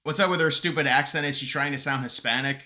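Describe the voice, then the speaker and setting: Bright-voiced man mocking on a live stream. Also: medium pitch, quick pace. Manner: mocking, laughs often, trips over words. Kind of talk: casual live-stream commentary reading chat.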